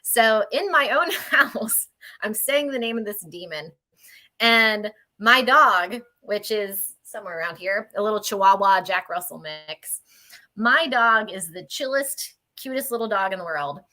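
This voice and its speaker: A woman with a bright, forward voice at an everyday pitch tells a story on a video call. She talks in a chatty, animated way and laughs between her words. The sound is that of a casual online panel chat. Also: a little slow. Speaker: paranormal investigator on a panel.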